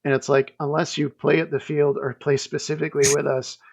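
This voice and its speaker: A man's voice: fairly high pitch, little pitch movement, a little fast, creaky, breathy edge, lo-fi sound. A man hosting a casual podcast chat, joking and rambling as he goes. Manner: jokey, rambling, self-interrupting. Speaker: podcast host.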